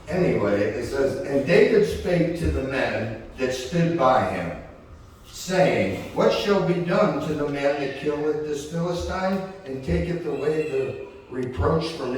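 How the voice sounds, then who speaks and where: A man's voice: mid-range voice, slight background noise. A male preacher reading scripture aloud and retelling it in casual, everyday paraphrase, acting out the characters' lines. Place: church sanctuary. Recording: echoey church hall, distant mic.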